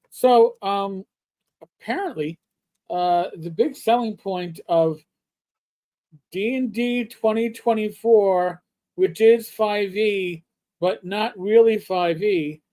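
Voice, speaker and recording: A man's voice: sits high, slow pace, dark tone. A middle-aged man co-hosting a casual gaming livestream, reading quotes aloud with wry asides. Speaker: podcast co-host.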